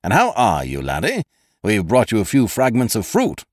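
A man doing a hearty young schemer in a storybook, chummy and bouncy, swooping pitch. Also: huge pitch swings, moderate pace, dry recording, clean studio sound.

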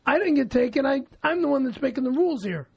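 A man co-hosting a comedy podcast, loud and blunt, shouting profanely in erratic bursts. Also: extremely high pitch, lively intonation, quick pace, creaky, no room sound. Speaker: podcast co-host.

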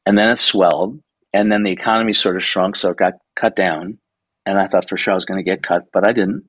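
A man in his sixties, a guest photographer telling stories in a casual interview, animated, swearing freely and acting out the people he quotes. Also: deep voice, fast talker, breathy edge, dry recording, rough recording. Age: 60s.

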